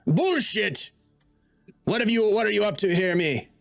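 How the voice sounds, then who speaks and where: Angry threatening thug, raised pitch, tabletop game, a man putting it on. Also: lively intonation, unhurried, creaky, faint music behind, exaggerated voice. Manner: shouting accusations.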